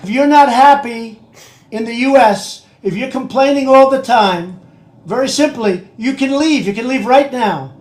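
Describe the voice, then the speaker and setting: A man putting on an impression of a blustering older male politician, shouting and repeating himself. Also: extremely high pitch, measured pace, reverberant, pitched above the performer's own voice. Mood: dismissive. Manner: shouting, repetitive, emphatic.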